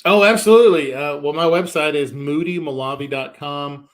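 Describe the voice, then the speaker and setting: Animated man telling stories, acting out voices. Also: on the high side, normal speed. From American South. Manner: animated storyteller, acts out quoted voices. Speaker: stand-up comedian guest. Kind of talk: storytelling interview.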